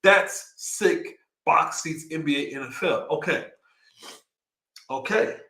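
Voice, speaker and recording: A young man with a Texan accent chats excitedly on a livestream, his voice bright and a little high. He reads out figures and riffs on them with hype. The sound is echoey, like a bare room. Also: slow, creaky. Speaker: livestream host. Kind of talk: casual livestream chat.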